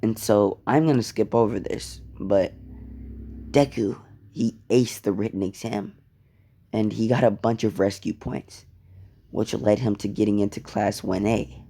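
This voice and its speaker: A man's voice: fairly low pitch, fairly even intonation, a little slow, vocal fry, dark tone, husky. A man telling a story casually, rambling, cursing and interrupting himself. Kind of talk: casual fan-fiction storytelling.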